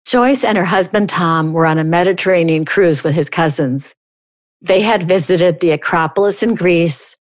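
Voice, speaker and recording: A middle-aged woman hosting a podcast, reading a comic story aloud with animated storytelling and sudden high jumps for dialogue. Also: dry recording. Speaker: podcast host.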